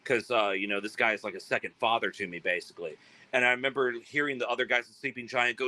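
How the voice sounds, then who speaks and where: Lively man telling stories. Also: medium pitch, fast talker, dry recording, rough recording. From South Carolina. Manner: animated, acts out quoted voices, many fillers. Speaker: guest, band frontman. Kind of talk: casual interview storytelling.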